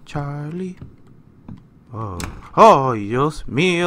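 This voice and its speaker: A man's voice: mid-range voice, animated, measured pace, long pauses, sharp tone. A young man panicking through a horror game. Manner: jumps between muttering and panicked screaming; swears a lot. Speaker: gaming YouTuber. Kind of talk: horror gameplay commentary.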